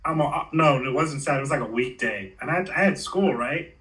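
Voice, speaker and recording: A man's voice: mid-range voice, fast talker, a bit bright, distant mic, low-quality recording. A man in his forties, a former pro skater, telling stories in a laid-back, slangy way and acting out the quotes. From Los Angeles area. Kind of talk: casual storytelling interview.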